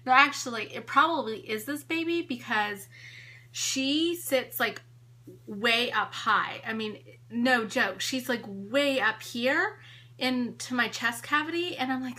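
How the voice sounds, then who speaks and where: Her fairly high voice is bright and forceful, and she speaks slowly. She is a pregnant home organizing vlogger in her late thirties, a little breathless, giggling and chatting as she tours her home for live-stream viewers on a tripod camera.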